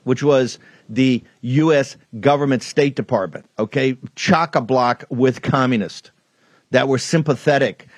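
A man's voice: medium pitch, a little slow, dry recording. A man hosting a political talk show, ranting in a heated, rambling way with many restarts and asides. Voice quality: rambling, fired up, frequent restarts. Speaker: host.

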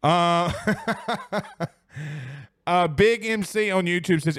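Chatty man, slightly high voice. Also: very slow, long pauses, a bit bright, smooth, dry recording, clean studio sound. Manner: chatty, rambling, with many restarts and fillers. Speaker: sports talk show host. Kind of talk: casual live-stream chat. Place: at home.

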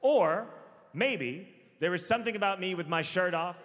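A man's voice: sits high, moderate pace, a bit bright. A man performing stand-up comedy on a large theater stage, telling a story with acted voices, into a handheld mic, audience laughter behind. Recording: big theater hall with faint crowd noise.

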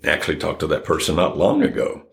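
A man's voice: extremely low pitch, fairly even intonation, fast, creaky. An older man, a relationship expert guest, giving earnest conversational advice and acting out quoted dialogue.

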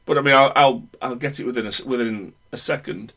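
A man's voice: mid-range voice, fast talker, gravelly, fairly bright tone. A man with a northern English accent in casual chat, rambling and opinionated with many restarts. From Northern England.

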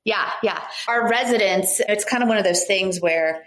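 A woman's voice: mid-range voice, normal speed, fairly bright tone, poor audio. A woman in a casual chat, talking in a chatty, rambling way with lots of fillers. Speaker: conversation participant.

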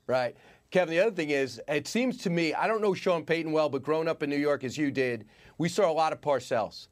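A man's voice: on the high side, fairly quick. A man hosting an interview, asking pointed, joking questions. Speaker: interview host. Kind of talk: casual interview.

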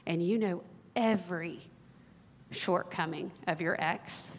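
A woman in her thirties, a worship leader, telling a personal story in a sermon with earnest warmth and small laughs. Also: lowish voice, takes it slowly, a little hiss or hum. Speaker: worship leader giving a talk. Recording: long hall reverb.

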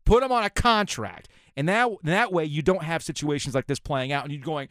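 A man's voice: on the high side, a little fast, hardly any pauses, a bit bright, no room sound, studio quality. A man hosting sports talk radio, ranting sarcastically. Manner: sarcastic, ranting, mocking voices of officials.

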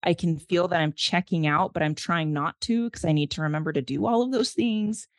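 A woman's voice: fairly low pitch, a little fast, dry recording. A woman in her thirties, a mother and podcast guest, telling her story in an earnest, reflective way. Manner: earnest, reflective, emotional retelling. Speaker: guest, mother of a child with special needs. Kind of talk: candid interview storytelling.

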